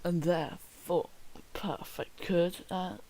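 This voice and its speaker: A young man streams himself reading homework aloud, his high voice slow, steady, and dark in tone, with poor audio quality. Wry by nature, he interrupts with joking asides and whispered mock comments.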